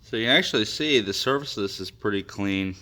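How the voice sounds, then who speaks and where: Bright-toned hoarse man showing engine parts. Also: on the low side, quick pace, slight background noise. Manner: chatty, full of fillers and asides. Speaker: car-build vlogger. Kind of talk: casual workshop walkthrough.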